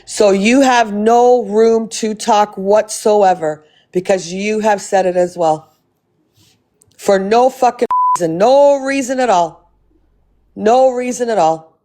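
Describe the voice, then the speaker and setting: A woman hosting a livestream who argues bluntly and insistently. Her voice sits at an ordinary middle pitch. She thanks viewers between points. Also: slow, warm tone. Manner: blunt, argumentative. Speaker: livestream host. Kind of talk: livestream chat and argument.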